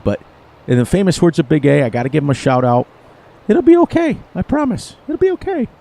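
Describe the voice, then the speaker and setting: His voice is mid-range and dark, with some vocal fry, as this middle-aged man plays a farming game on a live stream. He talks casually to his viewers, rambling and chuckling throughout.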